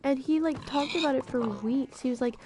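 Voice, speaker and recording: A woman's voice: high voice, brisk, noisy background. A woman streamer chatting casually while gaming, telling a rambling story and losing her train of thought. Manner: rambling, easily distracted storytelling.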